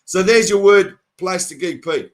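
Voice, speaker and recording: Brief: male host, high voice, eager casual interviewer. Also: unhurried.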